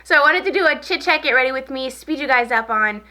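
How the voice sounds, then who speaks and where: A woman beauty vlogger in a relaxed get-ready-with-me chat, rambling and repeating herself while she applies makeup. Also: sits high, fast talker. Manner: talks while applying makeup.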